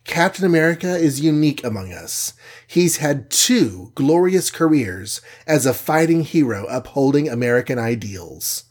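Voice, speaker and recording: A man voicing a lively young female superhero introducing her leader, speaking briskly and proudly. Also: medium pitch.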